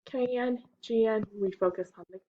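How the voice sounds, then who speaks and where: A woman's voice: a little high, moderate pace, lo-fi sound. A woman teaching young children a phonics lesson, patient and stretching out the key words.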